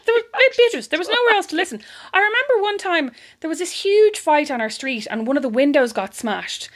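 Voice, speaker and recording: An Irish woman co-hosting a podcast, telling neighbour stories in a lively chatty way and acting out the voices of people she quotes. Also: high-pitched, a little fast. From Ireland. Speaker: podcast co-host. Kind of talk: casual storytelling chat.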